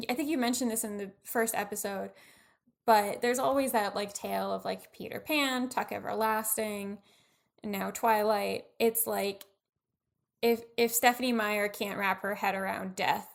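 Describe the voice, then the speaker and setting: A woman's voice: medium pitch, creaky. A woman co-hosting a podcast in casual, chatty talk, full of "like" fillers and laughs. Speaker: podcast co-host. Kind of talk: casual pop-culture chat.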